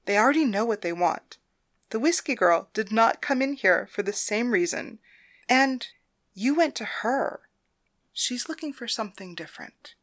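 A woman voicing a calm, commanding brothel madam who speaks low and measured in a storybook reading. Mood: stern.

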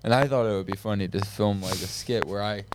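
A man's voice: lowish voice, fast talker. A man co-hosting a casual podcast chat, rambling through funny stories. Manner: rambling storyteller. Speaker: podcast co-host. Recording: noisy recording.

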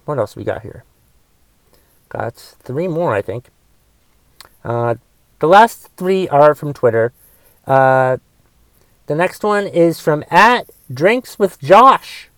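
A man hosting a podcast, ranting with heavy swearing, going from mumbled asides to loud angry outbursts. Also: mid-range voice, smooth, dry recording. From United States. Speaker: podcast host. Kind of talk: casual rant podcast.

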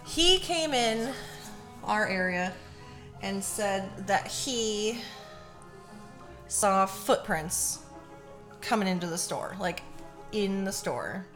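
Animated but slow, with long pauses, a young adult woman with a medium-pitched, slightly bright voice tells stories as a podcast co-host over faint background music. She's loose and casual, swearing freely and laughing easily.

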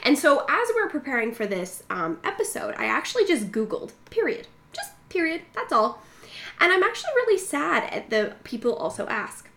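A woman's voice: sits high, very animated, normal speed, sharp tone. A young woman co-hosting a podcast, telling stories with lots of laughter, acting out quotes and swearing freely. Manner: storytelling with bursts of laughter, acts out quotes. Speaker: podcast co-host. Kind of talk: casual chat.

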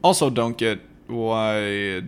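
A man's voice: on the low side, slow pace, clean tone. A man co-hosting a podcast, adding dry, wry comments on a movie. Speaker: podcast co-host. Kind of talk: casual movie review chat.

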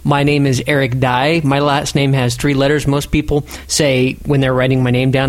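A man hosting a casual podcast, chatty and self-deprecating, rambling through listener shout-outs. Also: mid-range voice, little pitch movement, normal speed, hardly any pauses, no room sound. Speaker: podcast host.

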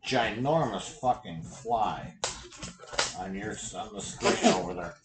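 A man's voice: on the low side, sing-song, a little slow, loud music behind the voice. A man hosting a casual chat, blunt and fond of crude jokes. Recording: echoey room.

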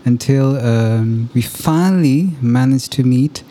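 A man hosting a podcast conversation, reflective and measured, with frequent pauses and fillers. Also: medium pitch, mellow. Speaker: podcast host. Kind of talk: casual conversation.

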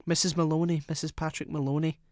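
A cheerful housewife with a secret, as a man reads her part. Her voice is lifted and bright, eager to sound natural. The recording is close and dry, with no room sound. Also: mid-range voice, normal speed, no room sound, natural voice. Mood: frantic. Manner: bright, then tearful and frantic. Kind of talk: audiobook character reading.

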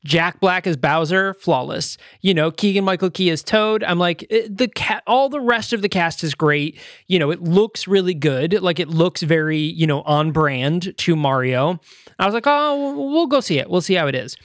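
Man, podcast host, casual chat, higher-pitched voice, rambling with fillers, dry close sound. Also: normal speed, no echo. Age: adult parent. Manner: rambling, with many fillers and restarts; animated retelling, quoting others in little voices.

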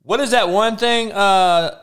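A man's voice: high-pitched, slow, a bit bright, smooth. A young man hosting a livestream, ranting loosely in slangy, profane casual talk and answering viewers. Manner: loose slangy rants with swearing and laughs. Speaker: livestream host.

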